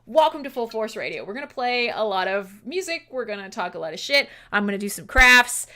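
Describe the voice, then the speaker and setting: A woman hosts a casual livestream radio show from her home streaming setup, chatty and scattered, giggling often and swearing freely. Her fairly high, sharp-toned voice swings widely in pitch and moves fairly quickly.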